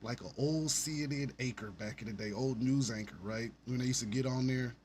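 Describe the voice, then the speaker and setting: A man's voice: mid-range voice, brisk, a little mellow, a little hiss or hum. A man hosting his own podcast, ranting in a profane, sarcastic and rambling way. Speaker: podcast host. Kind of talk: ranting solo commentary.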